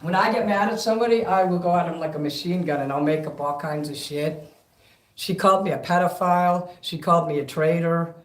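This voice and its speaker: Between karaoke songs on a casual livestream, a man rants and rambles profanely in a slightly high, brisk voice. The room is echoey, with karaoke backing music underneath.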